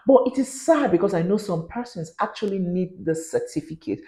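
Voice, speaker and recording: A woman's voice: fairly low pitch, expressive, a little fast, hardly any pauses, mellow, roomy sound. A woman, talking earnestly to camera in a vlog and giving warnings, sometimes dropping into pidgin. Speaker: vlogger.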